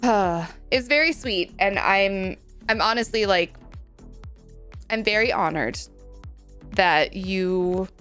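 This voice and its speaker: A woman's voice: medium pitch, fairly bright tone. A young adult woman streaming live, chatting casually and bubbly, reading chat and using cutesy slang.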